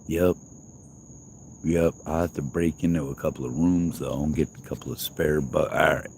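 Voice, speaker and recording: A man's voice: rumbling low, steady tone, moderate pace, darkish tone, slight background noise, rough recording. A man hosting a livestream in rambling casual chat, joking and teasing with frequent laughter. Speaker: livestream host.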